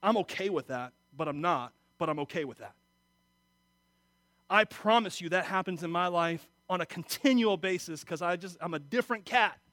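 A middle-aged man preaching a sermon, emotional, moving from quiet confiding talk to loud exhortation. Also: high-pitched, expressive, moderate pace, dry recording. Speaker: pastor.

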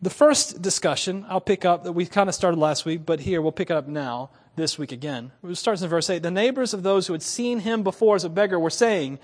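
A man's voice: sits high, fairly quick, long reverb tail. A man in his thirties preaching a sermon as a pastor, telling stories animatedly with frequent chuckles. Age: 30s. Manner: animated storytelling with frequent laughs.

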